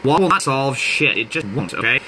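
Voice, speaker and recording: A man's voice: medium pitch, expressive, brisk. Man, livestream host, swears a lot, opinionated, rambling, faint hum behind. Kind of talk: casual livestream chat. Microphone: phone held in hand.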